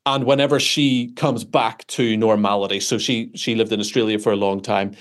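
A Northern Irish man, an author answering interview questions in an animated, self-deprecating storytelling way, often restarting his sentences. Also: on the low side, moderate pace. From Northern Ireland. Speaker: author and guest.

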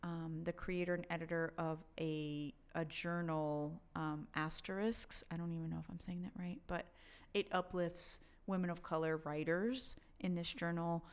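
A woman's voice: on the low side, little pitch movement, normal speed, clean tone. A woman co-hosting a casual book chat, talking enthusiastically in a rambling way.

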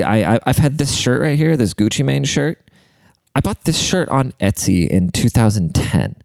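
A man's voice: fairly low pitch, darkish tone, no echo. A young man rambling in a casual, profane, self-deprecating monologue as a podcast host.

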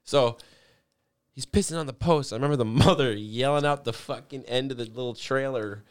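A man's voice: brisk, clean tone. A man telling rowdy stories in casual chat, swearing a lot, laughing and squealing out other people's lines. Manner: profane, laughing storyteller; acts out voices with high squeals.

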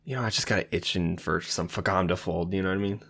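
A man's voice: low-pitched, fairly even intonation, quick pace, gravelly, a bit bright. A man who plays and co-hosts a tabletop game podcast, chatting casually and laughing at himself. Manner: self-amused and laughing. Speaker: player and co-host.

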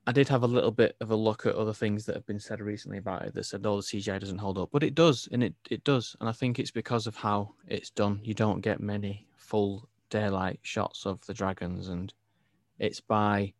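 A man's voice: fairly low pitch, a little fast, no echo. Opinionated English man, dry close sound. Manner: animated, opinionated, laughs easily. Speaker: podcast co-host. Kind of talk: casual film review chat.

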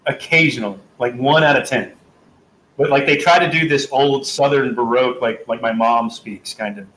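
A man's voice: mid-range voice, normal speed, a bit bright, slight background noise. A man from North Carolina co-hosting a podcast, chatting casually and emphatically, often repeating himself. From American South, North Carolina. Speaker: podcast co-host. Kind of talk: casual chat. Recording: roomy with faint ambience.

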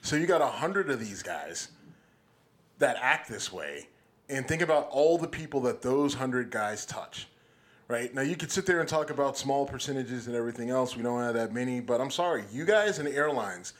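A man's voice: medium pitch, expressive, normal speed. A man co-hosting a podcast in a studio, talking bluntly and with plenty of swearing as he gets heated. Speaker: podcast co-host. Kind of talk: casual chat.

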